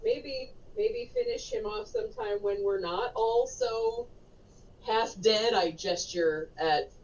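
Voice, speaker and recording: A woman playing in a tabletop game, sarcastic and lively. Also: on the high side, slow, creaky. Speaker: player. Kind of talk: casual tabletop play. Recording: distant, dull mic with faint noise.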